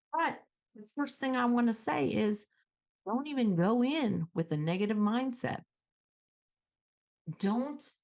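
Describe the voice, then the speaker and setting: Animated woman hosting a self-help show. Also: medium pitch. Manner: animated, coaching, acts out calm self-talk. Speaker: host.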